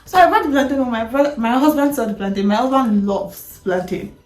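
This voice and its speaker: A woman's voice: a little high, fairly quick, a little mellow, faint music behind. A woman in her thirties with a Nigerian accent, chatting candidly to camera as a vlogger, talking with frequent laughs and restarts. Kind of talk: candid personal chat to camera. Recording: echoey room.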